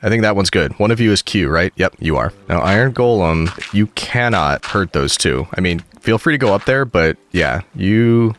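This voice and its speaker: A man giving chatty, excitable gameplay commentary and coaxing the creatures in his game. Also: deep voice, moderate pace, few pauses, a little hiss or hum. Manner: chatty and excitable, talks to the game's mobs. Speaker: gaming video creator.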